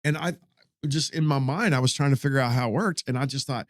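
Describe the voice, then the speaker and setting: A man in his fifties, a pastor, tells a story in a folksy, animated way, doubling back on his words as he goes. His voice sits in a middling pitch. The sound is dry and close, with no room around it. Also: quick pace, no echo. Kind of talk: casual storytelling in an interview.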